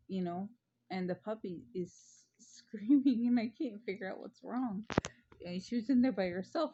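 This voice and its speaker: Giggly chatty woman, mellow lo-fi sound. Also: medium pitch, slightly rough. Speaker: vlogger. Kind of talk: casual chat. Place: at home.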